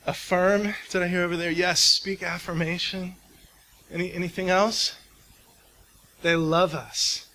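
Bright-voiced pastor telling a personal story. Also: male voice, high-pitched, level tone, measured pace, long pauses. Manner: conversational storytelling, engages the congregation with questions. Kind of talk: sermon. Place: church hall before a congregation.

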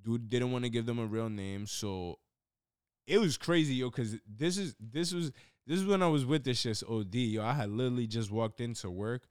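A young man in casual chat, telling animated stories in heavy slang and repeating himself. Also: mid-range voice, normal speed, clear, resonant tone, no room sound, clean studio sound.

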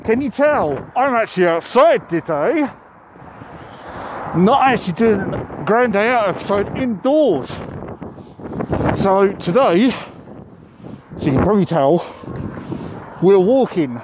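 A man's voice: sits high, animated, slow, pauses often. A man hosting a podcast, talking casually to his listeners while walking outdoors, his voice muffled by a face mask. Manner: chatty, addresses listeners directly. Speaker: podcast host. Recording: wind noise outdoors. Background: wind and urban street ambience.

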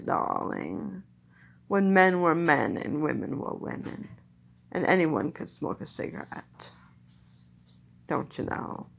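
A woman voicing a glamorous old-Hollywood lady with an affected, lowered drawl. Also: vocal fry, husky, full character voice.

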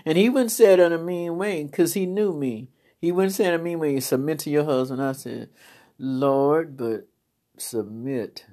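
A woman's voice: lowish voice, normal speed, warm tone. A middle-aged woman preacher giving a personal testimony, telling her story with laughter and feeling. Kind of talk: testimony sermon.

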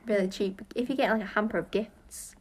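A teenage girl co-hosting a casual chat podcast, giggly and quick with her asides. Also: mid-range voice. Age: teens.

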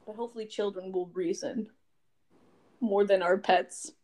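A young woman co-hosting a podcast in casual chat, animated, swearing freely and acting out quotes. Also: mid-range voice, moderate pace. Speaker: podcast co-host.

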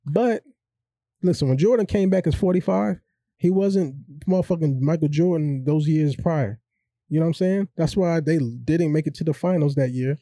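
A man's voice: on the high side, normal speed, warm tone, dry recording. A man chatting casually as a podcast co-host, laid-back as he argues his point. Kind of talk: casual chat.

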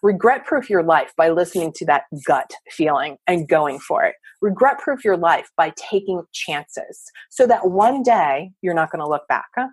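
A woman coach and therapist giving energetic, emphatic motivational advice as a podcast guest. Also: fairly low pitch, normal speed, few pauses, husky, no room sound. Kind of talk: podcast interview.

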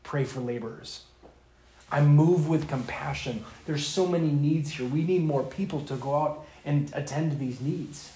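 A man's voice: on the high side, moderate pace, few pauses, mellow. A man preaching a sermon, retelling a scripture parable in casual, modern slang. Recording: echoey room.

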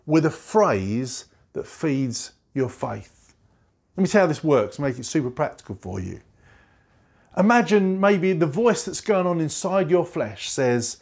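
A male pastor delivers a sermon, his slightly high voice swinging widely in pitch. He stresses and repeats key phrases, slowing and dropping low whenever he quotes scripture. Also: sing-song, a little mellow, husky.

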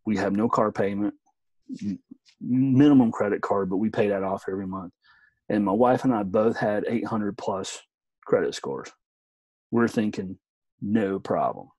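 A man's voice: lowish voice, unhurried, pauses often, dark tone, breathy edge, dry recording, poor audio. A middle-aged man telling a story in casual chat as a podcast co-host, laid-back, swearing, often saying "man".

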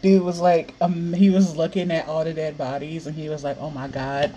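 A woman's voice: low-pitched, flat delivery, a little fast, dark tone, a little hiss or hum. A young woman hosting a solo podcast, hyped up and swearing a lot, with sighs and laughs between her words. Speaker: podcast host. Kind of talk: excited solo podcast rant.

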